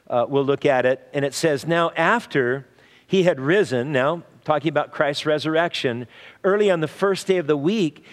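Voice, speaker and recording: A man delivers a sermon in a relaxed, conversational manner, often restarting phrases and filling pauses. His voice sits a little high for a man. It carries a long reverb from a large hall. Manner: conversational preaching with frequent fillers and restarts. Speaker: pastor.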